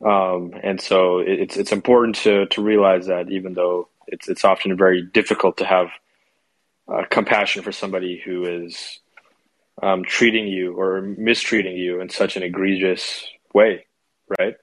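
Male podcast host, very low voice, thoughtful and hesitant delivery. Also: level tone, moderate pace, low-quality recording. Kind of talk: interview conversation.

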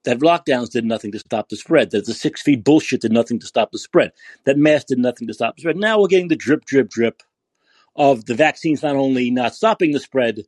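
Angry ranting man, husky voice. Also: mid-range voice, brisk, no room sound. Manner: yelling, profane, repeats rhetorical questions. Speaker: podcast host. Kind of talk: angry political rant.

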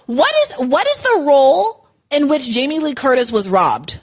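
A woman with a high, bouncy voice chatting on a podcast. She talks in an opinionated, emphatic way, piling on "like" and "I'm sorry" as she swings up and down. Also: huge pitch swings, moderate pace. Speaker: podcast co-host. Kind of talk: casual chat. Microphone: podcast mic.

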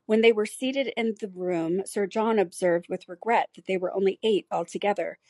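A woman narrating a classic novel as an audiobook, in an even, measured way. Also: mid-range voice, dry recording.

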